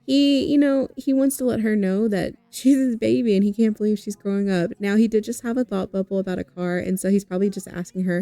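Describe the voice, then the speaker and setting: A young adult woman narrates her game in a chatty way and speaks straight to her viewers. Her voice is very mellow and dark in tone. It is recorded close and dry, with faint music underneath. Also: mid-range voice, brisk, few pauses, no echo. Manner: chatty, addresses viewers directly, laughs easily. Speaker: game streamer. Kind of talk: narrating a life-simulation game.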